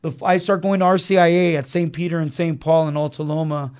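A man's voice: a little high, steady tone, a little fast, darkish tone, clear, resonant tone. A man telling his personal testimony as an interview guest in a small studio, in an earnest, slangy, casual way. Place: small studio beside a chapel.

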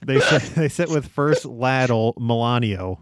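A man's voice: mid-range voice, measured pace, no room sound, clean studio sound. A man co-hosting a comedy podcast, chatting casually and narrating a script with a laid-back, chuckling delivery.

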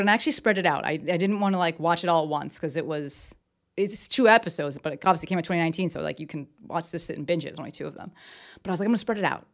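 Chatty, lower-pitched woman podcast host. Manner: rambling, enthusiastic, many fillers and restarts. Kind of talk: casual solo podcast chat. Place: at her desk at home. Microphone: desk mic with camera.

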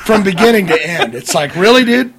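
Brief: male podcast co-host, high voice, dry sarcastic jabs. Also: animated, a little fast, music in the background. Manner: sarcastic, mocking. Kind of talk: casual chat.

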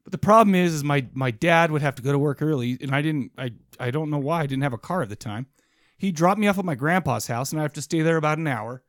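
Higher-voiced man telling rambling stories. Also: expressive, fast, dry recording, clean studio sound. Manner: rambling storyteller with restarts. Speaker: podcast co-host. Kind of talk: casual podcast banter.

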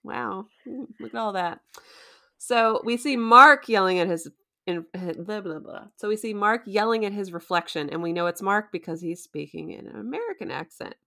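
A woman's voice: medium pitch, normal speed, gravelly, sharp tone. A woman recapping a show in casual chat, chatty and playful, laughing often. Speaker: co-host.

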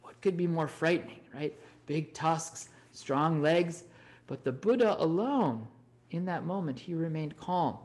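A man giving an animated storytelling Dharma talk, often checking in with "right?". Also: fairly high pitch, unhurried. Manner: animated, frequent "right?" tag questions. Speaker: Dharma teacher.

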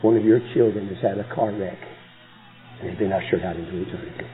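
A man preaches a sermon, spinning a story with emphasis and sudden soft drops in his voice. The sound is thin and tinny, like an old radio broadcast. Faint music sits underneath. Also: deep voice, fast talker.

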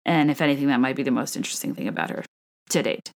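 A woman's voice: rumbling low, expressive, racing, gravelly. A woman hosting a solo podcast, chatting about celebrity gossip in a rambling way with many asides. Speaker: podcast host.

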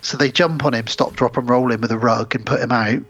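A man's voice: medium pitch, fairly even intonation, fairly quick, fairly bright tone, husky. A man, co-hosting a podcast, who casually retells film scenes in detail. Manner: retells scenes, often quoting characters. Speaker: podcast co-host. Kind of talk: casual film recap chat. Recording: slightly dull podcast audio with faint music.

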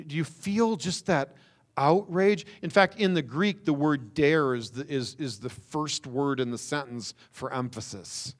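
A man preaching a sermon, stressing words with slow emphasis and rhetorical questions. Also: medium pitch. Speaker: pastor.

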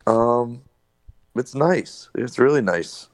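A man's voice: mid-range voice, animated, slow pace. A man, a guest on a casual podcast, talking in a blunt, matter-of-fact way. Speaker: guest comedian.

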